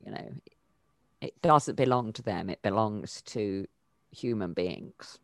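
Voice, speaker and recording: A woman's voice: a bass voice, expressive, takes it slowly, no echo, clean studio sound. A woman, a voice coach answering interview questions thoughtfully, with many fillers and restarts and sudden emphatic lifts.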